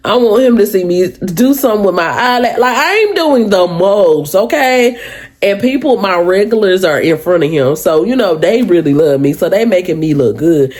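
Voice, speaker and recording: A woman vlogger telling a storytime to her viewers, animated and chatty, with a deep voice and sounding a little sick. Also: moderate pace. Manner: animated, chatty, keeps addressing viewers as "y'all".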